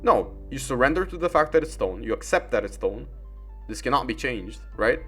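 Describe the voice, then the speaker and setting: A young man rambles through casual gaming commentary. He leans on "like" and curse words, with a middling pitch. Soft music sits under his voice. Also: expressive, fairly quick, breathy edge. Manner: rambling, heavy fillers and swearing.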